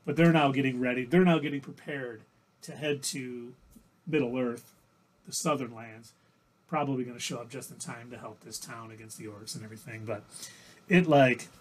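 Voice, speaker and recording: A man's voice: medium pitch, fairly even intonation, normal speed. A man co-hosting a livestream, casually recapping TV episodes in a rambling, self-correcting way. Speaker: livestream co-host.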